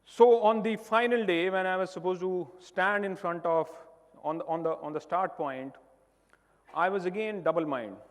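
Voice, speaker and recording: Man, Indian accent, high voice, emphatic motivational storytelling, long hall reverb. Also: normal speed. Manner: emphatic storytelling, swings between loud and soft. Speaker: keynote speaker. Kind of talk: motivational stage talk. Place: large hall on stage.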